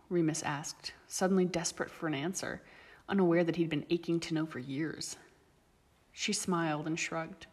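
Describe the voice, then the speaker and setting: A woman reading a story aloud as narrator, steady and even. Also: deep voice, moderate pace, slightly rough. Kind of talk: audiobook reading of fan fiction. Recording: long reverb.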